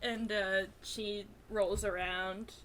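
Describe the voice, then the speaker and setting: A woman's voice: mid-range voice, fairly even intonation, slow, a bit bright, a little hiss or hum. A woman playing a tabletop game, talking casually and giggling often. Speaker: player.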